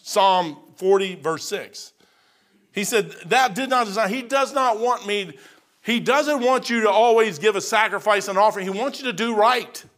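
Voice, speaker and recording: A middle-aged preacher, his voice pitched high and ringing bright. He preaches in waves, climbing to shouts, then falling to soft, quiet stretches. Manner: swings between loud and soft delivery. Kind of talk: sermon.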